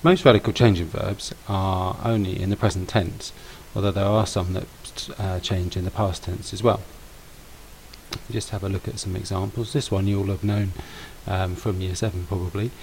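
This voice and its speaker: A man explains grammar patiently to a class, leaning on key words and repeating them. His voice sits a little low and has a gravelly edge. A faint hiss runs under the recording. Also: fairly even intonation, moderate pace, a little mellow, poor audio. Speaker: language teacher.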